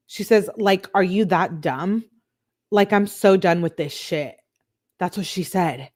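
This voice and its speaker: A woman's voice: medium pitch, measured pace, darkish tone. A woman hosting a true crime channel, reading text messages aloud in a casual way and breaking off for chatty asides full of fillers.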